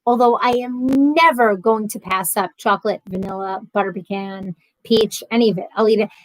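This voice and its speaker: A woman's voice: mid-range voice, steady tone, moderate pace, dry recording, rough recording. A woman hosting a casual livestream, chatting and reading viewer comments aloud with a sarcastic, chatty manner. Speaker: livestream host.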